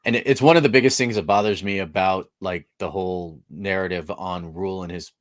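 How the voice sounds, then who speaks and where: Man, very low voice, blunt and opinionated, casual sports podcast, dry recording. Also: fairly quick, no echo. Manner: blunt, opinionated, mild cursing. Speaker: podcast co-host.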